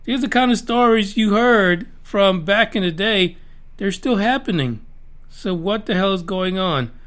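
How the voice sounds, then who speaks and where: A man with a fairly high voice hosts his podcast in a loose, rambling monologue. He jokes and swears freely as he goes. He sounds middle-aged. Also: lively intonation, unhurried, a bit bright. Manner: profane, rambling and jokey. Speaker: podcast host.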